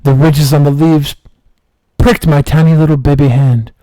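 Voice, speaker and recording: Male streamer, mock-dramatic deadpan storyteller, slightly high voice, dry close sound. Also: moderate pace, no room sound. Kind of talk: comic storytelling.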